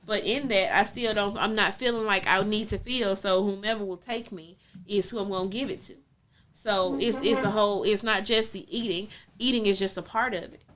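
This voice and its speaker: With a Southern US accent, this podcast co-host tells candid stories in a relaxed, chatty, down-to-earth way. Her mid-range voice stays steady, brisk, and fairly bright.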